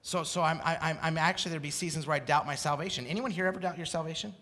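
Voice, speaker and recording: A middle-aged male preacher from Idaho giving a passionate sermon, swinging from quiet confession to shouted exclamation. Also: a little high, steady tone, very fast, in a large hall.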